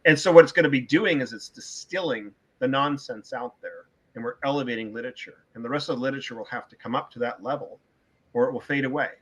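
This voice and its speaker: Middle-aged man, bright and forceful, emphatic opinionated podcast guest who hammers points by repeating words. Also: mid-range voice, fast, slightly rough, poor audio. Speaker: author being interviewed. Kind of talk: casual podcast interview talk.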